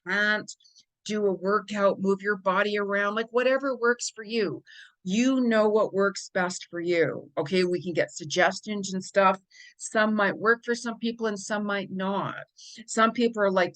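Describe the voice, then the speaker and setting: A woman's voice: medium pitch, low-quality recording. A middle-aged woman talking earnestly to viewers about astrology and self-care, repeating words for emphasis as a coach would. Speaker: psychic and life coach.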